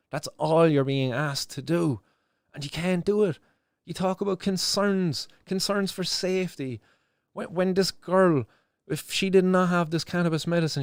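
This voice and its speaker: A man's voice: a little high, darkish tone, clear, resonant tone, no echo, studio quality. A young Irish man hosting a live stream, talking with passion and swearing, with many restarts. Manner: impassioned, swearing, many restarts and "do you know". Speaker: stream host. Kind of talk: emotional live-stream commentary.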